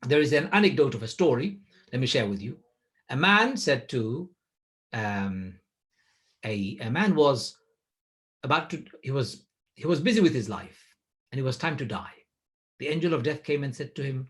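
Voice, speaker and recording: A man delivering a Ramadan sermon, telling stories with lively dialogue. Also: mid-range voice, moderate pace, long pauses. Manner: animated storytelling with dialogue. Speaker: preacher.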